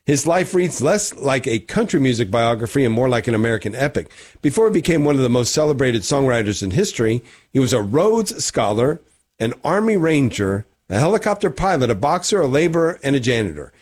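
A man's voice: medium pitch, very animated, fairly quick, a little mellow, slightly rough. A man co-hosting a casual morning radio show, reading history items with wry jokes and some stumbles. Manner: joking, wry asides; reads segments with stumbles. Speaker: radio co-host.

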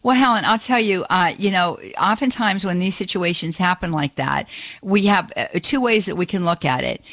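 A woman's voice: on the low side, moderate pace, no room sound. Folksy, exclamatory woman radio host. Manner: warm-hearted, exclamatory, folksy. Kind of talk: Catholic radio call-in talk.

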